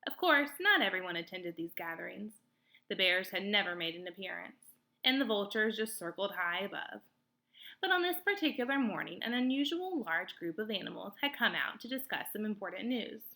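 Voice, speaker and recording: A woman narrating a children's novel aloud in an expressive, clear storytelling manner. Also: medium pitch, normal speed. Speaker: read-aloud host.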